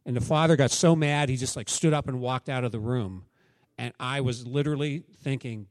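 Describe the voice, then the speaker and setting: A man's voice: mid-range voice, fairly quick, dry recording. A man preaching a sermon as pastor, candid and conversational, telling stories and acting out quotes.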